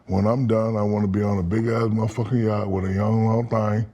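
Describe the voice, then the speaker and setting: A man in his fifties, a podcast guest, telling animated, profane stories and acting out quoted lines. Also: fairly low pitch, quick pace, a little hiss or hum. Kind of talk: storytelling in casual interview.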